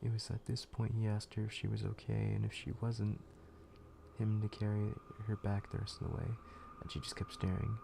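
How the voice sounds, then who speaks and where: A man's voice: fairly low pitch, monotone, moderate pace, vocal fry, noisy background. A man streaming, narrating a scary story in a casual, profane, laid-back way with frequent restarts.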